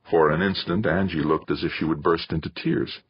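Deep husky male storyteller. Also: fairly even intonation, normal speed, dry recording, dull audio. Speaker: audiobook narrator. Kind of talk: scripted narration.

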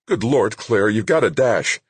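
A man's voice: fairly low pitch, animated, a little slow, slightly rough, dry recording, pitched above the performer's own voice. A man voicing a panicky young husband. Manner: anxious, protesting. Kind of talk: audiobook reading.

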